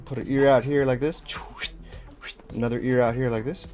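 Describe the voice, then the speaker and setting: A man's voice: medium pitch, steady tone, normal speed, a little mellow, faint music behind. A man leading a casual draw-along lesson, talking as he draws, playful and rambling with self-mocking asides. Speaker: drawing instructor.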